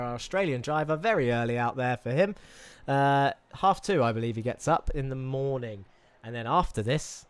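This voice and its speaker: A man's voice: medium pitch, clear, resonant tone, dry recording. A man with a British accent hosting a live sim racing stream, interviewing drivers, reading chat aloud and calling the race. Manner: chatty, rambling, reads chat messages aloud. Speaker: sim racing host and commentator.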